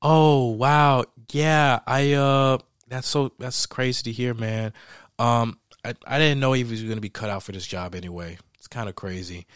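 A young man hosting a podcast, telling a story in an animated, laughing way and acting out the people in it. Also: mid-range voice, moderate pace, clear, resonant tone, dry recording, clean studio sound. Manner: animated, laughing often, acts out quoted people. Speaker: podcast host. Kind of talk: casual storytelling chat.

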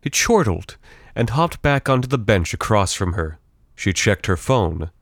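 Deep-voiced man narrating a story. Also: expressive, unhurried, no echo, studio quality. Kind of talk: scripted fiction narration.

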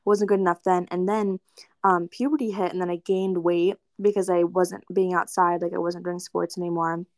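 A woman's voice: on the low side, little pitch movement, normal speed, no echo, studio quality. A young woman guest on a casual podcast, speaking candidly and earnestly with many fillers.

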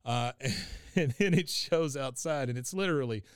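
Male podcast host, animated episode recap, clean resonant tone, dry close mic. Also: mid-range voice, moderate pace, clear, resonant tone, no room sound. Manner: animated retelling, acts out lines, laughs often. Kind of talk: casual recap of a cartoon episode.

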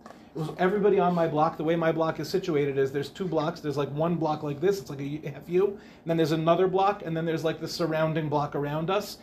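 A rabbi in Ramat Beit Shemesh gives an informal Torah class, chatty and rambling, and often breaks off to ask the audience questions. His voice is a little high with a darkish tone, he speaks briskly, and there is slight background noise.

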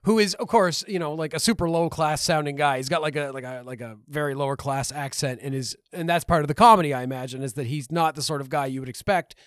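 A man's voice: fairly high pitch, fast, hardly any pauses, fairly bright tone, dry recording, studio quality. A man co-hosting a casual film review podcast, chatty and rambling with a self-deprecating streak. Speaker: podcast co-host.

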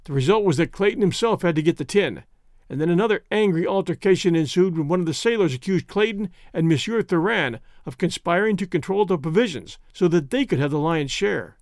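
A man narrating an audiobook in a steady, measured storytelling manner. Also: sits high, no echo, studio quality.

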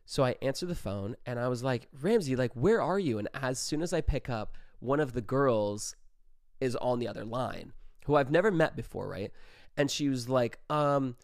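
A man's voice: mid-range voice, moderate pace, gravelly, no room sound, studio quality. Casual young man telling a party story. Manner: profane, animated, quotes everyone in his own voice. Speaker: podcast host.

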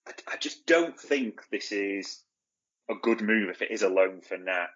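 A man's voice: fairly low pitch, expressive, normal speed, a bit bright, muffled recording. Blunt, opinionated man on a podcast. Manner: blunt, opinionated, answers his own questions. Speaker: podcast co-host. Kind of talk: casual football chat.

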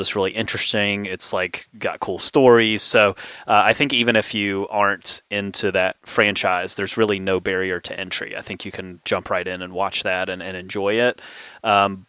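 A man with a lowish, smooth and resonant voice chats as a co-host on an entertainment news show. His tone is bright and forceful, and the sound is dry. He talks in a relaxed, unhurried way with small "uh" pauses. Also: no echo. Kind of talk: casual entertainment news chat.

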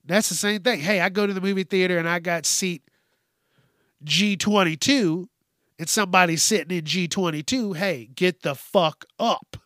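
A man's voice: high voice, normal speed, pushed and bright, no echo, studio quality. A man hosting a podcast, ranting bluntly and swearing often in a casual monologue. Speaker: podcast host.

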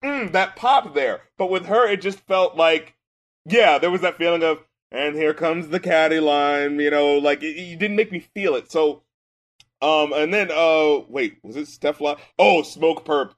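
A man who is a music critic and rapper, co-hosting a podcast in casual, profane chat and swinging from low mumbling to excited shouting. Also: a little slow.

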